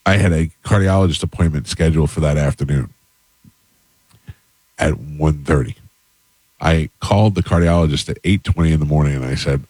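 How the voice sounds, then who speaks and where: Deep-voiced middle-aged radio guy, dry studio sound, deadpan storytelling. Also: brisk, long pauses, no echo. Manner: relaxed, deadpan storyteller acting out both sides of phone calls. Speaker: radio show host. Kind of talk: casual on-air chat and storytelling.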